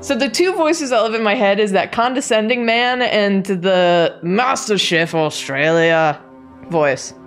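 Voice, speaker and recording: A woman's voice: fairly high pitch, lively intonation, normal speed, hardly any pauses. A woman co-hosting a casual gaming stream, chatty and joking as she tells stories. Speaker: streamer co-host.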